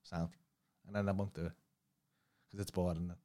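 A young man with a Scouse accent co-hosting a casual podcast chat, swearing freely and shouting out local businesses. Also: low-pitched, flat delivery, normal speed. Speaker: podcast co-host.

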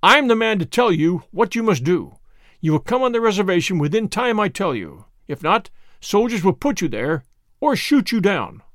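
A man reading the lines of a stern army general giving sharp orders. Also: high-pitched, big pitch swings, normal speed, no room sound, clean studio sound. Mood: commanding. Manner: sharp, commanding.

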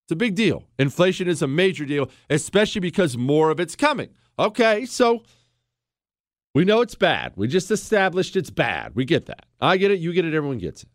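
A man's voice: a little high, sing-song, brisk, dry recording, studio quality. A man hosting a political commentary show, delivering a sarcastic, combative monologue straight at the listener. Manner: mocks others with put-on quoting voices. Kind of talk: ranting monologue.

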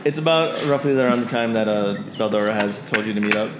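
A man's voice: fairly low pitch, fast talker, background noise. A man narrating as game master of a tabletop game, in a loose, rambling way full of fillers. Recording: echoey room with faint ambience.

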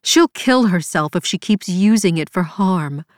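An audiobook narrator gives voice to a young woman in anguish and guilt, who begs through her sobs and drops to whispers. Her voice is lowish and animated, a little slow, in a dry, clean studio recording.

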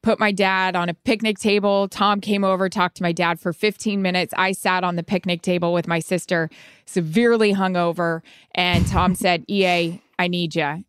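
Lively woman telling stories, low smooth voice. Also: moderate pace, dry recording, studio quality. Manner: animated storyteller, acts out quotes. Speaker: podcast co-host. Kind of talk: casual chat.

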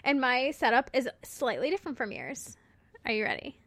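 Casting: young woman podcast co-host, fairly high voice, giggly and emotional, dry close sound. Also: very animated, a bit bright, no room sound. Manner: giggly, emotional, quick to laugh. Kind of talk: casual chat.

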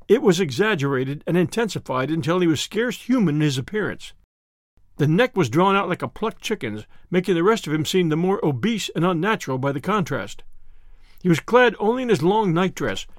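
A man narrating a classic story as an audiobook reader, in measured storytelling. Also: high voice, expressive, no echo, clean studio sound.

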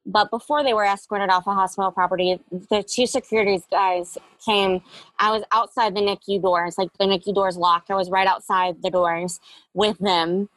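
A woman's voice: mid-range voice, steady tone, normal speed, fairly bright tone, dry recording, poor audio. A young woman, a guest in an interview, telling a personal story candidly and reflectively, with many fillers.

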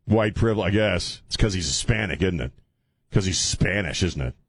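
A man's voice: sits low, animated, moderate pace, breathy edge. A man hosting a talk radio show, rambling and joking with frequent laughs and filler stumbles. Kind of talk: casual talk radio monologue.

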